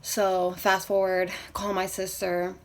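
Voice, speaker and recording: A woman's voice: mid-range voice, completely flat delivery, slow pace. A young woman in a personal vlog, her voice emotional and close to tears. She rambles, restarts and fills her story with casual fillers as she works through it. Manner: rambling, full of fillers like "you know what I mean". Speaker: vlogger.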